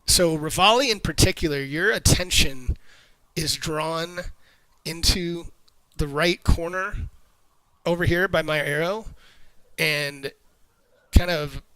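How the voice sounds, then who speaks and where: Bright-voiced man narrating a tabletop game. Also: on the high side, clean tone, no room sound, rough recording. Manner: loose, halting, conversational narration. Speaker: game master.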